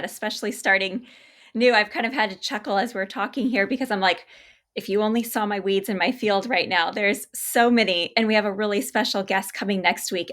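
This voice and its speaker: A woman's voice: mid-range voice, fairly bright tone. A woman hosting a podcast interview, speaking in an agreeable, reflective and affirming way. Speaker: podcast host.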